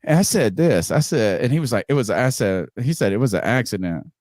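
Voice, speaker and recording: Animated, profane man telling a story. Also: medium pitch, fairly quick, no room sound, studio quality. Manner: profane, animated, acts out quotes loudly. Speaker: podcast host. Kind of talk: casual storytelling.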